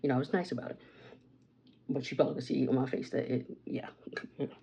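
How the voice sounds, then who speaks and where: A woman's voice: very deep voice, steady tone, fast talker, creaky, warm tone, breathy edge. A woman vlogging at home, chatting through a rambling story with asides about her makeup. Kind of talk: casual get-ready-with-me storytime.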